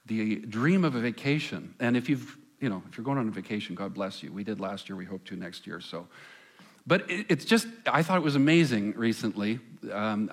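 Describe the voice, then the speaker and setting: A man preaching a sermon as pastor on a church stage, conversational, asking the congregation questions and pausing for effect. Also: medium pitch. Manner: conversational, asks the congregation questions, dramatic pauses.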